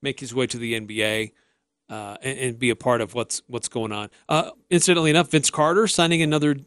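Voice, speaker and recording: Measured sports radio man, dry mic. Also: mid-range voice, fairly bright tone, smooth, dry recording. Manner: measured, thinks aloud with restarts. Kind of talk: casual sports talk.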